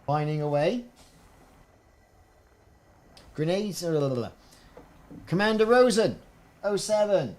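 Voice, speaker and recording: A man's voice: high-pitched, sing-song, moderate pace, a little mellow. A man giving chatty, rambling live-stream commentary while playing a game. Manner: chatty, rambling, self-interrupting. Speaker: gaming streamer.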